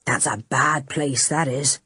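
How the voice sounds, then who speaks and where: A woman voicing an old male shepherd who gives slow, rustic warnings in a storybook reading. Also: extremely low pitch, fairly even intonation, pushed and bright, slightly rough, no room sound, clean studio sound, pitched below the performer's own voice, exaggerated voice. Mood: ominous.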